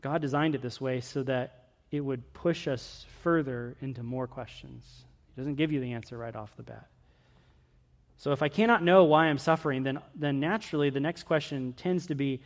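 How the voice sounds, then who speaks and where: A middle-aged man preaching a sermon, earnest, swinging from loud pleading questions to hushed emphasis. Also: on the high side, expressive, moderate pace.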